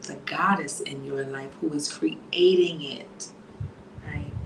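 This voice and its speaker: Coach type, woman with a hint of Southern, low-ish and unhurried, soothing, drifting into breathy whispers, echoey room. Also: darkish tone, a little hiss or hum. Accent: slight Southern US at times. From New Jersey. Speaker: motivational coach. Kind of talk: soft-spoken motivational talk.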